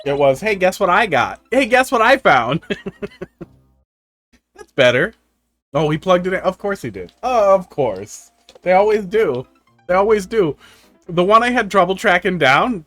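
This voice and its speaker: A man's voice: high voice, a bit bright, no room sound. Rambling, profane male game streamer. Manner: rambling, profane, wry tech anecdotes. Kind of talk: casual live-stream chat. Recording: faint music underneath.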